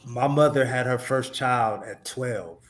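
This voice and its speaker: A man chiming in casually at an open mic, animated and interjecting. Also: medium pitch, a little slow, slight background noise. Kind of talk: casual reaction.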